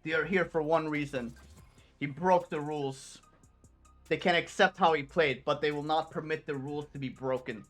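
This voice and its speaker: A woman streamer reading a game's story text aloud in a plain, steady way. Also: low-pitched, normal speed, faint music behind.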